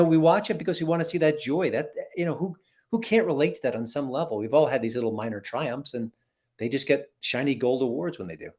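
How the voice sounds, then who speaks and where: A man co-hosting a podcast, talking in a relaxed, wry way that turns earnest. His voice has an ordinary middle pitch. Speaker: podcast co-host. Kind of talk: casual chat.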